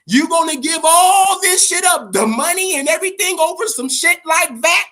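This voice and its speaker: A man's voice: very high-pitched, lively intonation, moderate pace, voice pushed up, heavily acted. A man voicing a boxer's angry mother who scolds her son down the phone. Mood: scolding. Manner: shouting, scolding.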